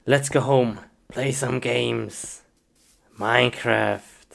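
A woman's voice: a bass voice, sing-song, drawn-out words, long pauses. A woman performing a comedy skit, exclaiming a lot in simple, broken English. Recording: noisy recording.

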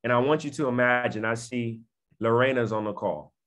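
A man's voice: mid-range voice, brisk, a bit bright. A man giving an emphatic motivational talk on a video call, repeating phrases and often checking in with his listeners. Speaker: network marketing speaker.

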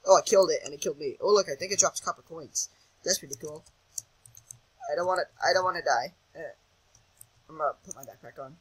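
A man's voice: on the high side, fast, pauses often, breathy edge, poor audio. A young man giving casual commentary over a video game, jittery and self-mocking, often chanting words over and over in a sing-song. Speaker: gaming channel host.

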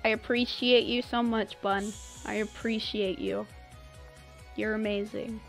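A woman's voice: mid-range voice, flat delivery, unhurried, gravelly, faint music behind. A young woman streaming a game live, effusively and dramatically thanking her viewers with lots of exclamations.

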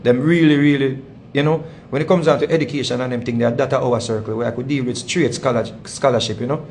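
A man's voice: medium pitch, fairly even intonation, fast, a little mellow, a little hiss or hum. A man with a Jamaican accent, hosting his channel and telling a long story in a rambling, repetitive way with heavy patois phrasing. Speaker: channel host. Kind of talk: casual storytelling monologue.

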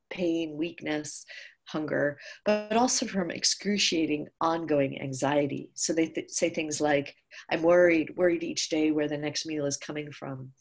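Low, gravelly-voiced woman lecturing. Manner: measured, with occasional restarts. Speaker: keynote speaker. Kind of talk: academic lecture. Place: conference hall.

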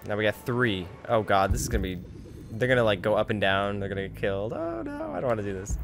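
A young man streaming a video game, reacting to it with animated, joking commentary. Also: lowish voice, quick pace, slight background noise. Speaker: gaming streamer. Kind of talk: let's play commentary.

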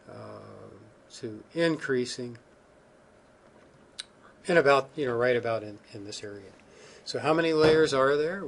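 A man's voice: mid-range voice, slight background noise. A man giving a recorded geophysics lecture over slides, informal and thinking aloud, with many ums and restarts.

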